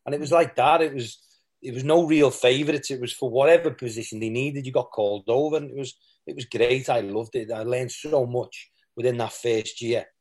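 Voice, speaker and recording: This ex-footballer from England speaks a little fast in a medium-pitched, darkish voice with a steady tone. Recounting candid interview stories, he rambles, starts over and drops in quoted asides about what others said.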